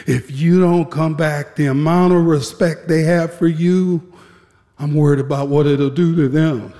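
A firm, reassuring male prison captain speaks in a calm, unhurried way, as a man quotes him. The voice lifts a little above a plain male range. A long hall reverb trails each phrase. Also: a little high, natural voice.

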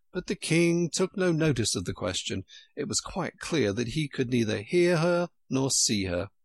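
Gravelly, lively male storyteller. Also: mid-range voice, dry recording. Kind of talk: storybook narration.

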